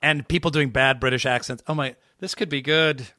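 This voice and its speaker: A man guest on a podcast, chatting casually and riffing on absurd ideas with a deadpan edge. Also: mid-range voice, brisk. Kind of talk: casual chat.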